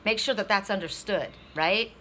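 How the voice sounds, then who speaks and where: A woman's voice: medium pitch, moderate pace, noisy background. A woman doing a casual weekly oracle card reading, talking bluntly, swearing freely and checking in with "right?".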